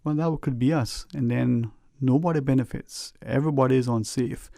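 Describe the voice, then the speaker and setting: A man's voice: medium pitch, moderate pace, creaky, dark tone, no echo. A man hosting a radio talk show, rambling and folksy with lots of "you know", earnestly advising listeners from a studio microphone.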